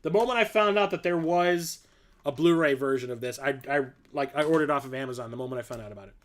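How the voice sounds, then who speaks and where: A man's voice: medium pitch, fast. A man in his forties hosting a casual livestream, rambling and enthusiastic, full of fillers like "um" and "like". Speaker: host.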